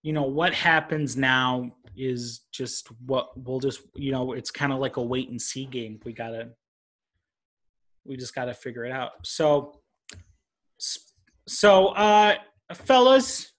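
Dude hosting a podcast, rambly, lots of you-knows, bright sound. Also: male voice, medium pitch, slow. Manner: loose, rambling, filler-heavy. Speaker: podcast host. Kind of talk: casual chat.

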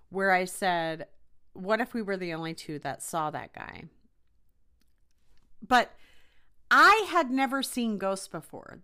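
Chatty woman with a lively, bright voice. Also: mid-range voice. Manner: chatty, animated retelling with frequent fillers. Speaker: podcast host. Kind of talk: casual storytelling.

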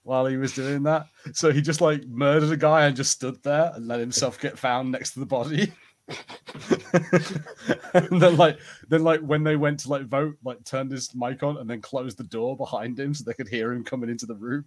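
A man's voice: medium pitch, fairly even intonation, moderate pace. A man co-hosting a podcast, chatting casually with frequent laughs and hesitant ums. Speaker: podcast co-host.

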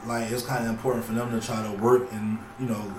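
A man's voice: medium pitch, little pitch movement, fast talker. A man chatting casually in a laid-back, slangy way. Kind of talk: casual chat. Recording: roomy, distant mic, faint music.

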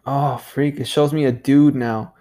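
A man's voice: mid-range voice, fairly even intonation, a little slow, warm tone. A man hosting a casual solo podcast monologue, loose and profane, saying "dude" constantly and laughing at himself. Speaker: podcast host.

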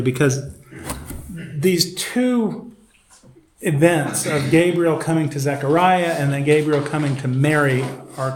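A man leading a Bible study, reading a devotion, praying and teaching in a conversational way. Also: a little high. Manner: conversational, with fillers. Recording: roomy echo, faint noise.

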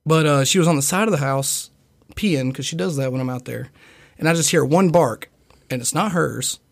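A young man with a fairly high, gravelly voice talks at a moderate pace in a casual podcast chat. He spins a long, rambling, profane story, acting out other people's lines in their voices.

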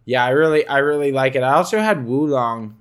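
A young man co-hosting a podcast, chatting in a laid-back way with drawn-out words. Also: a little high, animated, clean tone. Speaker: podcast co-host. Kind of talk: casual chat.

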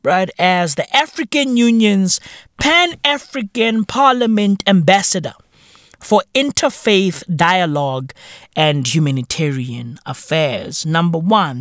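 Man with British slang, comic podcast rant host: swooping delivery, unhurried, profane. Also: high voice, no echo, studio quality. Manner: animated, profane, slangy, laughing between lines. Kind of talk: comedic rant monologue.

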